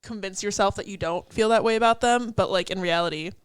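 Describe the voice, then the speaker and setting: A woman's voice: medium pitch, a little fast, clean tone, dry recording. A young woman co-hosting a casual podcast, talking through song lyrics in a loose, chatty way with lots of "like" fillers, laughs and the odd swear. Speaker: podcast co-host.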